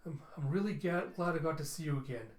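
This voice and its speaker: A man voicing a gentle boy robot who speaks in a high, earnest, pleading way, read from a comic in an echoey room. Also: fast, recorded from a distance, lightly acted. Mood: tender. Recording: roomy echo.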